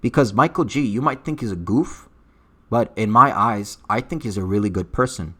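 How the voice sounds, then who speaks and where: A man's voice: lowish voice, moderate pace, a bit bright. Brief: man with an accent, casual livestream commentator, blunt and profane, lots of "uh"s. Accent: unidentified accent. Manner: blunt and profane, with frequent fillers. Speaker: streamer reading live chat.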